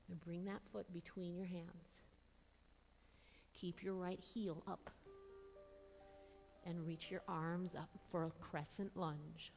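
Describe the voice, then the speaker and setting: A woman teaching a yoga class, giving calm, encouraging step-by-step cues while slightly out of breath. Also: lowish voice, long reverb tail. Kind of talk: guided yoga class instruction.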